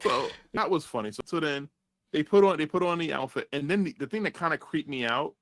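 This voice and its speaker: A man's voice: a little high, animated, a little fast, fairly bright tone, dry recording. Man, movie reviewer, casual chat, rambling, swearing, dry close mic. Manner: rambling, profane, acts out characters' lines.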